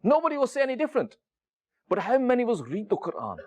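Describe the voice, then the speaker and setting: A man's voice: very high voice, wildly swooping pitch, quick pace, a little mellow. A man preaching a sermon to a room of listeners, telling stories and asking many rhetorical questions, with frequent "you know" fillers. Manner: storytelling, addresses the audience directly with many rhetorical questions. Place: room with a seated audience.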